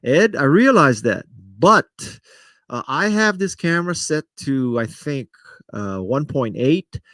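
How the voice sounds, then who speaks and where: A man's voice: fairly high pitch, sing-song, takes it slowly, fairly bright tone, dry recording. A middle-aged man hosting a live stream, chatting casually and self-deprecatingly as he answers viewers by name. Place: home studio setup in front of a camera.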